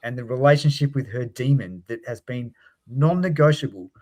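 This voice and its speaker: A man's voice: medium pitch, normal speed, darkish tone. A man in a casual book discussion, talking emphatically and swearing. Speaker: podcast co-host.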